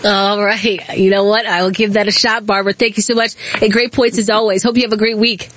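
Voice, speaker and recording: A woman's voice: medium pitch, level tone, brisk, a bit bright, slight background noise. A woman hosting a call-in talk radio show, speaking bluntly and indignantly with frequent restarts.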